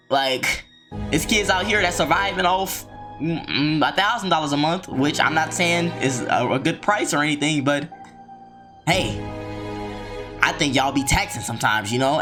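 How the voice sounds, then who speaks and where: A man hosting a reaction video, ranting in slangy, riled-up commentary and mocking people in put-on voices. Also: a little high.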